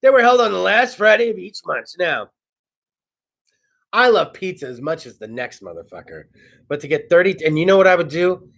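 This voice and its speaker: A man hosting a casual comedy talk show, telling stories in a brash, profane, animated way. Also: high-pitched, normal speed, creaky. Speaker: host.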